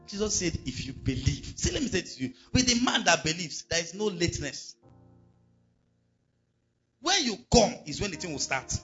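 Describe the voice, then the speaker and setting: A man preaches a sermon as pastor, leaning on emphatic repetition and rhetorical questions. His voice sits fairly high and swings widely in pitch. The recording is dull and lo-fi, with faint music underneath. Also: big pitch swings, a little fast, fairly bright tone.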